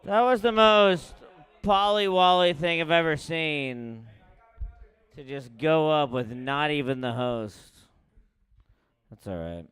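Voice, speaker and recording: A young man rambles through a crude stand-up story, mocking himself as he goes. His voice is a touch high, smooth and very clear. He swings between loud bursts and quiet, muttered asides. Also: takes it slowly, long pauses. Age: young adult. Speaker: stand-up comic.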